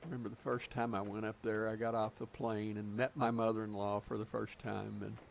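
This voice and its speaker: Gravelly Southern US man chatting. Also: fairly low pitch, level tone, brisk, a little hiss or hum. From southeastern United States. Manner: chatty storyteller, chuckles often. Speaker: game streamer. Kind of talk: casual chat while gaming.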